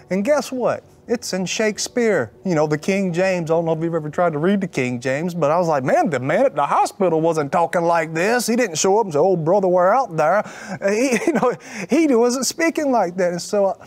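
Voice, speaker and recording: A man with a notably high voice tells his faith testimony as a lively, animated story. He slips in sarcastic jokes and acts out the people he quotes. Soft music plays faintly behind him. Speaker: person sharing a faith testimony.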